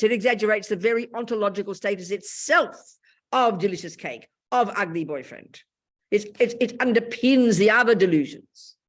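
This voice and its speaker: An older Australian woman giving a Buddhist teaching in a blunt, lively and colloquial way. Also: on the low side. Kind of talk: Dharma talk.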